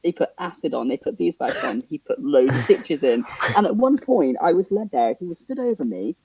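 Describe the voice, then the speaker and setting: A man's voice: brisk, gravelly, noisy background. A young man, casually telling a story on a podcast and acting out the voices of the people in it. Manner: animated, acts out dialogue with big pitch jumps and laughter. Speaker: podcast co-host.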